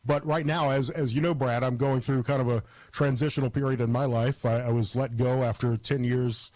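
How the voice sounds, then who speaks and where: A middle-aged man hosting an interview show, talking in a halting way and repeating words as he thinks. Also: medium pitch, fairly even intonation, darkish tone, no echo. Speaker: radio show host. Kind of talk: interview conversation.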